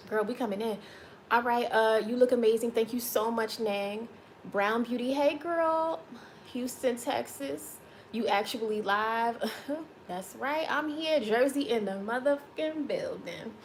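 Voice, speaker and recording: A woman's voice: a little high, slight background noise. A woman hosting a casual livestream, chatting playfully with viewers and reading their comments aloud. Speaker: livestream host.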